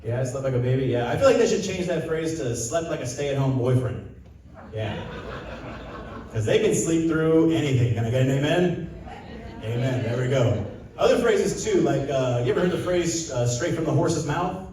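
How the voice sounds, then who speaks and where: A man's voice: a little high, expressive, normal speed, noisy background. A young man from Southern California doing a stand-up set, chatting with the crowd and acting out quotes in loose, rambling stories. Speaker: stand-up comedian. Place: casino stage with a live audience. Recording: very echoey room, voice a bit distant.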